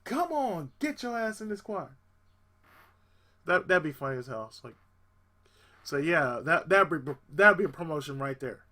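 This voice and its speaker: High, sharp-voiced man ranting. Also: moderate pace, long pauses. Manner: animated and exasperated, swears freely. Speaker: channel host telling a personal story. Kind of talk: casual storytelling rant.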